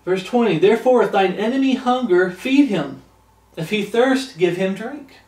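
With lively intonation and a darkish tone, a fairly high-voiced man preaches at normal speed. He stretches scripture verses out emphatically and then comments bluntly, sounding slightly far from the mic in a roomy echo.

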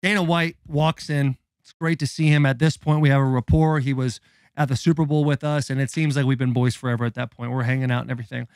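A man's voice: medium pitch, fast, clean tone, no room sound. Guy in his 30s hyping up a story on a podcast, lots of cussing, dry close sound. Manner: animated, profane, dramatic build-up. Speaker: podcast co-host. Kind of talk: casual storytelling.

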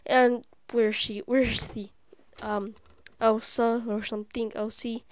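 A woman hosting her gaming channel, giving live gameplay commentary; excitable and easily frustrated, she often drops into whispered asides. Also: a little high, unhurried. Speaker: YouTube gaming channel host.

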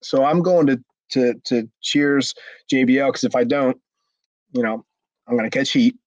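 A man, a former wrestler, telling a story in a casual interview, animated and profane, acting out what others said. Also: medium pitch, normal speed, no room sound, dull audio. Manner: animated, acts out quotes with raised voice, frequent restarts and swearing.

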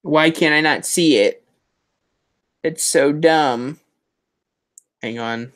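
A man's voice: fairly high pitch, takes it slowly, a bit bright. A man hosting a casual live stream, rambling and chatty, with self-mocking asides as he fumbles through his setup. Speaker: host of a Halloween prop channel live stream.

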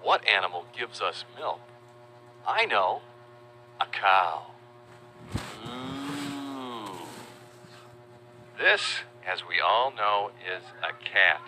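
A man narrating a children's educational video, playful and animated, spelling out words slowly for young viewers. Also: low voice, a little hiss or hum, poor audio.

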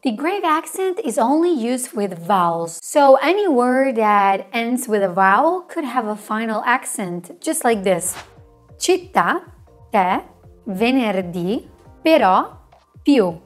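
A woman teaching a language lesson in scripted narration, slowly spelling out letters and words with care. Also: fairly high pitch, very animated, soft background music. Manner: slow, careful spelling out of letters.

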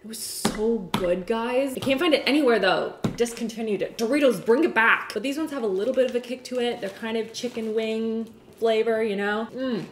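A woman's voice: on the high side, a little fast, slight background noise. A young woman chatting casually through a cooking vlog in her home kitchen, bubbly and giggly. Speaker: cooking vlogger. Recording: echoey kitchen room.

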